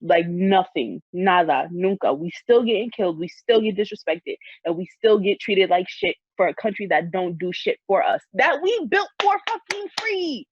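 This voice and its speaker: A woman's voice: fairly low pitch, normal speed, hardly any pauses, darkish tone, breathy edge, dry recording, muffled recording. A young woman in a heated casual discussion, ranting fiercely with lots of swearing. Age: young adult. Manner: fiery, profane, ranting.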